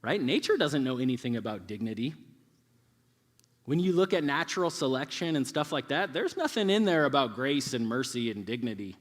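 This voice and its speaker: Animated male preacher in a reverberant hall. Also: mid-range voice, a little fast. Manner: animated, conversational, acts out quoted voices. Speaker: youth pastor. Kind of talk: sermon.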